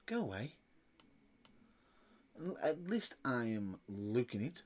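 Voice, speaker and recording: A man's voice: mid-range voice, big pitch swings, slow pace, darkish tone. A British man chatting casually as a podcast co-host, laid-back, with dry remarks. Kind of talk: casual chat.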